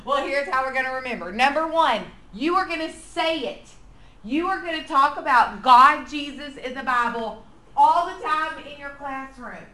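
A woman leading a lively, playful workshop for church preschool teachers. She acts out quotes and drops to a whisper to draw the room in. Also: high-pitched, normal speed. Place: large hall with an audience. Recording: echoey room with faint noise.

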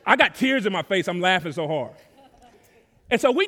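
A man from Dallas, preaching a sermon in a relaxed, conversational way, with casual slang and sudden rises in volume. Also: high-pitched, moderate pace. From Dallas, Texas. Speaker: pastor. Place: church sanctuary. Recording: long reverb of a large hall.

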